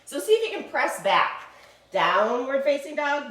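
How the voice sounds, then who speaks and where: A woman's voice: sits high, unhurried, far from the mic. A woman teaching a children's yoga class, reading a picture book aloud and guiding poses in a playful, encouraging way. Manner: playful, encouraging, animated storytelling. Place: indoor room, filmed while doing poses. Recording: echoey room.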